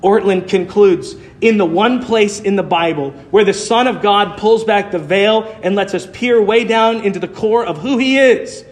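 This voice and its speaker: A man preaching a sermon, earnest and measured, reading scripture aloud. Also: sits high.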